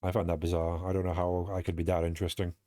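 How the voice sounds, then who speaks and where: A man's voice: deep voice, monotone, fast, mellow, dry recording, studio quality. A young British man streaming a game, rambling casually in a self-mocking way and swearing now and then. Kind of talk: casual streaming chat while playing.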